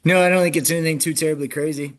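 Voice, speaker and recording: A man who coaches track and field, answering interview questions in a loose, conversational way, often restarting his sentences. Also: racing. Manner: animated, frequent restarts, jumps in pitch when emphatic.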